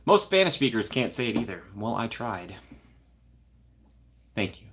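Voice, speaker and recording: A man's voice: fairly low pitch, big pitch swings, measured pace, fairly bright tone, a little hiss or hum. Playful man chatting on a livestream. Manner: playful, laughs often, reacts to chat. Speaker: livestream host. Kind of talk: casual live chat reading comments.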